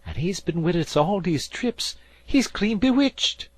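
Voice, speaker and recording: A man's voice: high voice, animated, unhurried, no echo, voice pushed up. A man voicing a superstitious sailor who talks in dialect. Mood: awed. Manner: dialect with "wid".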